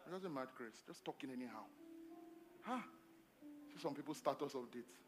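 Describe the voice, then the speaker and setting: A male pastor preaching a sermon at a church service, emphatic and repetitive, swinging between loud calls to the congregation and quiet asides. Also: mid-range voice, lively intonation, normal speed, soft background music. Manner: repeats phrases and asks the congregation questions.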